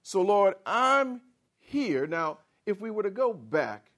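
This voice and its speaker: A man's voice: high-pitched, slow. A male preacher giving a theatrical sermon, acting out the characters as he goes. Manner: animated and theatrical, acts out the characters.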